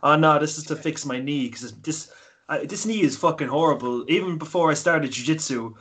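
A man's voice: a little high, fairly quick. A man in his early twenties in casual podcast chat, rambling and swearing freely as he tells stories. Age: 20s. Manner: swears a lot, rambling and animated.

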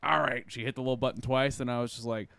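A man's voice: medium pitch, little pitch movement, smooth, dry recording, studio quality. A man in casual podcast chat, telling rambling stories full of swearing. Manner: fast, swearing storyteller. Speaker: podcast guest.

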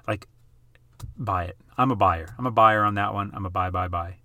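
Bright-voiced excitable man talking cards. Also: on the low side, moderate pace, no room sound. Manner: excitable, emphatic, repeats phrases for effect. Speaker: YouTube host. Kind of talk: casual commentary over charts.

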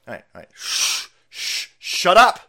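A middle-aged man hosting a livestream, ranting in a loud, foul-mouthed, rambling way and laughing easily. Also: takes it slowly. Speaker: stream host. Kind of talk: profane ranting livestream monologue.

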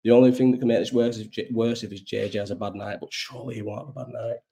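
A man's voice: mid-range voice, fairly even intonation, very fast, vocal fry, background noise. A man hosting a casual livestream chat, rambling and swearing freely, ill and coughing. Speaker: live chat host.

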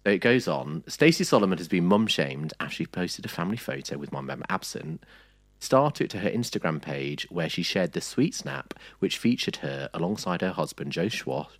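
A man's voice: deep voice, very animated, a little fast, no echo. A man hosting a podcast, chatty and playful, reading out headlines and asking questions. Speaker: podcast host. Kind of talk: casual chat.

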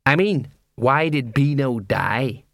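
A plodding middle-aged watch sergeant, as a man reads him in an audiobook. He questions people in a flat, dogged way. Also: mid-range voice, takes it slowly, vocal fry, no echo, clean studio sound, heavily acted. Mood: questioning.

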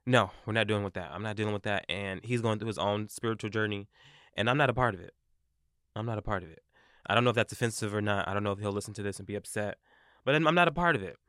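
Bright-voiced young man telling a story. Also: on the low side, quick pace, dry recording, clean studio sound. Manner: animated, profane, replays his own quotes. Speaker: podcast co-host. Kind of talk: casual storytelling chat.

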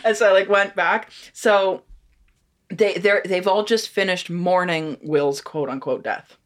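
A young woman with a slightly low voice co-hosts a podcast. She chats casually and animatedly, laughs a lot and swears as she acts out scenes. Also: a little slow. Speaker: podcast co-host. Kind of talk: casual chat.

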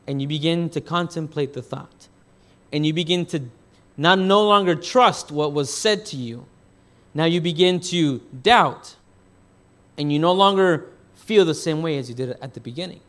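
A man's voice: fairly high pitch, normal speed, fairly bright tone. A man preaching a sermon as pastor. He asks the congregation questions and answers them himself, rephrasing as he goes. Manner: rephrases and restarts mid-thought.

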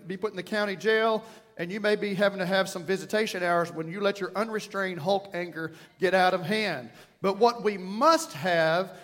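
A man in his thirties preaching a sermon to a congregation, animated and playful, with sudden growled bits. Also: high voice. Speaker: pastor. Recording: long hall reverb.

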